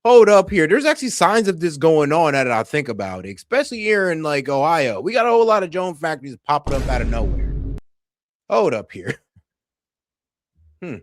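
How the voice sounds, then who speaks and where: A man giving casual, slangy reaction commentary, laughing often and talking in an animated way. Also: fairly high pitch, fairly quick, dry recording. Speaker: streamer reacting to clips.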